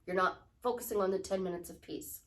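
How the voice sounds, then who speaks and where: A woman's voice: medium pitch, fairly quick, fairly bright tone. A woman life coach talking casually to her viewers about prayer, rambling and acting out little dialogues. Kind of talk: casual spiritual talk to camera.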